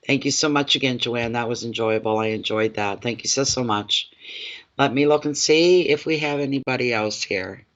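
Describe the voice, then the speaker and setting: A man's voice: mid-range voice, normal speed, a bit bright, highs cut off. A man reading tarot live for viewers, addressing each one by name and often repeating his phrases. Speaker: tarot reader.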